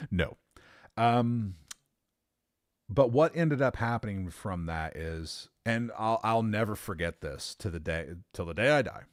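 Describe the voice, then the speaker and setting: A man with a very low, deep voice tells a rambling personal story and keeps stopping to correct himself. He swears casually and laughs at himself. The sound is dry and close, with no room around it. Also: expressive, measured pace, dry recording. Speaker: podcast host.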